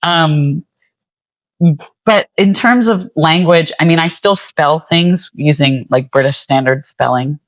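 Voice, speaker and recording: A woman's voice: sits low, takes it slowly, no room sound. Chatty woman, American accent with Antipodean touches. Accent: American with some Australian and New Zealand traits. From United States. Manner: chatty, frequent "like" fillers. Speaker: guest poet. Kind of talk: casual interview chat.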